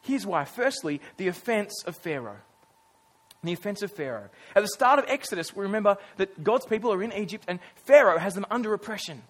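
Male pastor with a high voice, earnest sermon delivery, emphatic with dramatic pauses. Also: sing-song, a bit bright. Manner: casual asides among dramatic emphasis.

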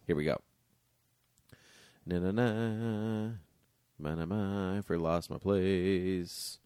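A man hosting a casual chat, reading aloud from a history book with jokey, animated asides. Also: low-pitched, slow, long pauses, clear, resonant tone, no room sound, clean studio sound. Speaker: podcast host.

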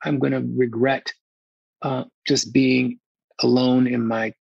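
A man's voice: medium pitch, level tone, slow pace, vocal fry, dry recording, highs cut off. A man, a film director, talking frankly and emotionally as an interview guest, often restarting and repeating himself. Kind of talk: candid casual interview talk.

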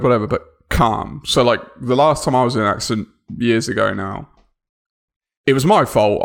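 A man co-hosting a casual podcast, telling a story in a calm, laid-back way. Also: medium pitch, vocal fry. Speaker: podcast co-host. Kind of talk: casual chat.

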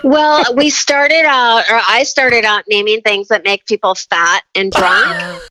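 A woman being interviewed about her business, telling lively stories in a talkative way, full of "like" and "right?". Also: a little high, slow pace, dry recording, rough recording. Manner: animated, talkative, lots of "like" and "right?". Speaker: guest, brand naming business owner. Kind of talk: casual interview storytelling.

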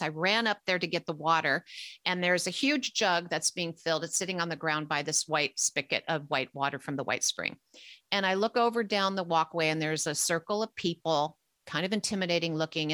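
Bright-voiced woman telling a story. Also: lowish voice, no echo. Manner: animated, lively storytelling. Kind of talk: casual personal storytelling.

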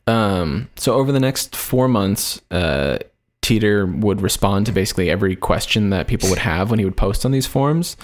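A man's voice: fairly low pitch, lively intonation, normal speed. A man casually recounting a story to friends, rambling with lots of filler words. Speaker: podcast host telling the story. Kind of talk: casual chat.

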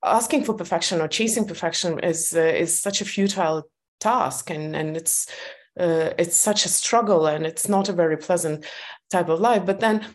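A woman's voice: lowish voice, normal speed. A woman guest on a podcast interview, speaking candidly about her own life and laughing often between her thoughts. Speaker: guest author.

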